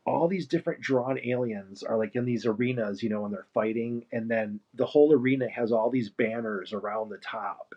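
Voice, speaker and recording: A man's voice: medium pitch, normal speed, few pauses, darkish tone. A man chatting casually and rambling while he paints on a live stream, laughing now and then. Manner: rambling, easygoing, laughs often. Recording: muffled lo-fi stream mic.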